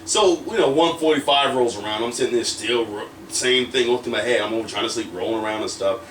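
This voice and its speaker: A man's voice: mid-range voice, fast, fairly bright tone. Rambling man in an echoey room. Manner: rambling, full of fillers, acts out quotes. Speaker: wrestler guest. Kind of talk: casual storytelling interview. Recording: roomy echo, distant from mic, faint noise.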